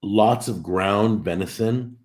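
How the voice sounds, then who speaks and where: Low-voiced man chatting on a live stream. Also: slow. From California. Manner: talkative and animated, with frequent restarts. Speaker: host of a cooking live stream. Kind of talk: casual live stream chat, reading and answering viewer comments.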